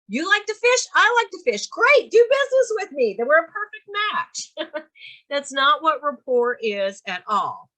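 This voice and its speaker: A woman, teaching an online class in a quick, lively way and answering the chat. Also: sits high. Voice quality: somewhat nasal. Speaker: real estate instructor.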